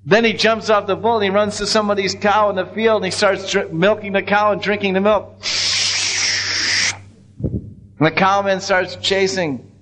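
A man telling a devotional story as a sermon, animated, with frequent restarts and acted-out voices. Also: high voice, moderate pace, pauses often, low-quality recording. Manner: animated retelling with many restarts. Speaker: religious storyteller.

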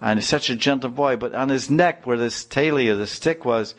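A man's voice: on the low side, moderate pace, natural voice. A man voicing a brahmin's wife who questions and protects in a raised voice. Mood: indignant. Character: puzzled, indignant brahmin's wife.

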